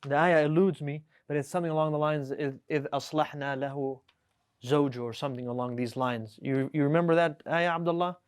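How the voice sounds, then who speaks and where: A man teaching a live class, with a fairly high voice. He explains each word patiently, often stopping to ask "right?", and reads the example sentences aloud. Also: fairly even intonation, fast talker, clear, resonant tone. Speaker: Arabic teacher. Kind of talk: classroom lesson. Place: classroom with students.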